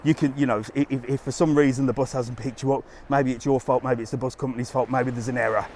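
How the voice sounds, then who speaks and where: A man's voice: mid-range voice, fairly even intonation, quick pace, a little mellow, a little hiss or hum. A man livestreaming as a travel vlogger, chatting bluntly and casually while he walks along a seafront outdoors, talking into a handheld phone. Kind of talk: casual live walking stream.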